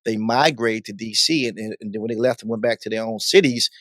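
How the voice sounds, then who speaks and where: A guest DJ and radio host from Baltimore tells stories with animated energy in a casual interview, acting out the voices of the people in them. His voice sits lowish and moves at a quick pace, with no echo.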